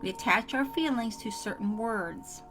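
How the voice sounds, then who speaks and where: A woman talks straight to camera in a casual motivational tutorial, earnest and repeating her points. Her voice sits a little high. Soft music plays faintly beneath her. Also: normal speed. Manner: earnest, repetitive, speaks straight to the viewer. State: coughing fits. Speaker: self-help vlogger.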